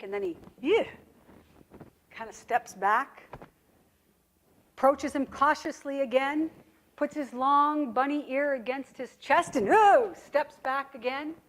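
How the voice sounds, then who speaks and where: A woman's voice: on the high side, steady tone, unhurried, a bit bright. A woman giving a conference presentation in a direct, folksy storytelling manner.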